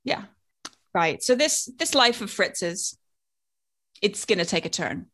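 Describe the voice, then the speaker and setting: A woman's voice: mid-range voice, very animated, slow pace, sharp tone. A woman co-hosting a podcast, telling a story with wry, dry asides. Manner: wry, dry jokes, reads out the story details. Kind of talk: casual chat with storytelling narration.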